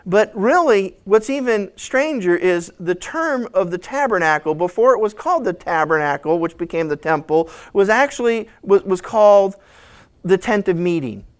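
A male pastor teaching in a conversational sermon, animated and storytelling. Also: high voice, normal speed, clear, resonant tone.

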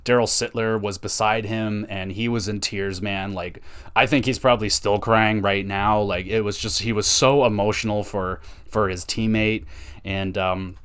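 A man's voice: lowish voice, steady tone, normal speed, a bit bright, clean tone. Casual profane male podcast host. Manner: loose and profane, with frequent fillers. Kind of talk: casual hockey podcast chat.

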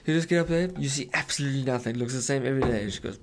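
A man's voice: mid-range voice, fast talker, vocal fry, hardly any pauses, background noise. A man co-hosting a podcast in casual chat, swearing often and laughing through his stories. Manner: swears often, laughs a lot, mimics his dog's bark. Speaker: podcast co-host.

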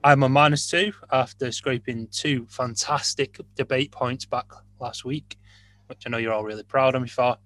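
A man's voice: medium pitch, fairly even intonation, moderate pace, a bit bright, no echo. A man hosting a casual podcast chat, joking and teasing his co-hosts. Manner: jokey, teasing. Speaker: podcast host.

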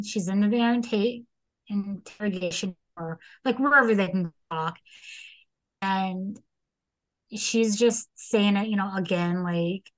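A woman's voice: mid-range voice, low-quality recording. Chatty woman retelling a story. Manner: acts out quotes with dramatic voices. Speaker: podcast host retelling a case. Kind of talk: casual storytelling chat.

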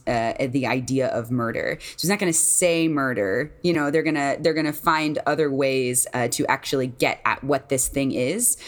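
A woman co-hosting a podcast, talking casually and chattily with lots of fillers. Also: low-pitched. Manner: chatty, many filler likes and ums. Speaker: podcast co-host. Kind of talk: casual discussion.

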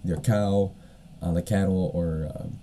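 A man's voice: sits low, fairly even intonation, a little slow, dark tone, a little hiss or hum. A man hosting a solo podcast, retelling a story in a casual, rambling way with lots of fillers and the odd cough. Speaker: podcast host.

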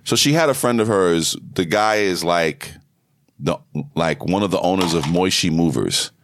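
Man co-host, low voice, profane storyteller, very expressive. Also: normal speed, slight background noise. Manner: animated storyteller, swears freely. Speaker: podcast co-host. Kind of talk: casual profane banter.

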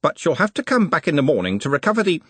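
A stern, self-important older servant who puffs himself up above his station, as a male reader puts him on. The voice is pitched above the reader's own, with a husky texture. It is recorded dry and close. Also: big pitch swings, fast talker, a bit bright, no echo, heavily acted. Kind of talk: audiobook character voice.

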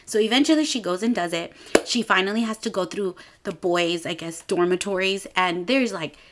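A woman's voice: normal speed, background noise. A woman in her twenties, hosting a podcast and retelling a movie in a casual chat, using lots of filler "like"s. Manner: chatty, with many filler "like"s; acts out characters' lines in a higher voice. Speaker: podcast host.

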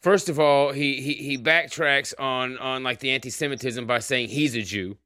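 Smooth-voiced, profane male podcast host. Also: mid-range voice, moderate pace, pushed and bright, no room sound, clean studio sound. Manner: profane, rambling, greets chatters by name. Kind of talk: casual livestream chat.

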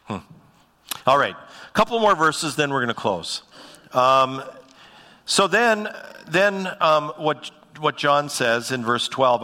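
A man's voice: fairly high pitch, big pitch swings, slow pace, bright, forceful tone. Man preaching in a reverberant church. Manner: conversational, frequent ums and restarts. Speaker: pastor. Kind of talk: sermon. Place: church sanctuary.

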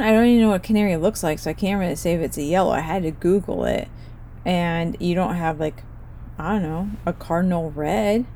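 A woman's voice: mid-range voice, a little mellow. Woman vlogger, comic storytelling rant; exasperated and indignant, faint background hum.

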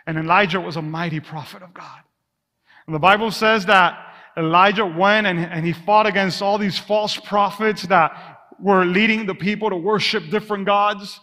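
A high, bright male voice preaches a sermon, calling out questions for the congregation to answer. He tells everyday stories with playful acted asides and sinks to a soft hush on quiet words. A long hall reverb trails behind him. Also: moderate pace. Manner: call-and-response preaching, drops to a hush on "whisper"; energetic storytelling with acted asides. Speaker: pastor.

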